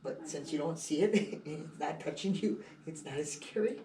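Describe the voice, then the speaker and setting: A storyteller in a cafe, telling a casual anecdote in a rambling, animated way and repeating "I said" and "he goes.". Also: medium pitch, normal speed. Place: indoor cafe. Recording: roomy, distant, noisy.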